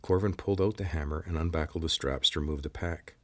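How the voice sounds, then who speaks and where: A man narrates an adventure audiobook at a steady pace. His voice sits very low and has a husky grain to it. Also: fast talker.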